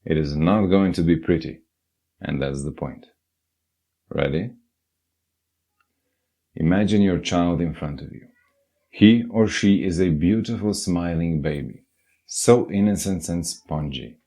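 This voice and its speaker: Deep-voiced man, earnest narration. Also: a little slow, pauses often, dark tone. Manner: earnest, direct, addresses listener. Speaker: self-help narrator. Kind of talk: scripted motivational narration.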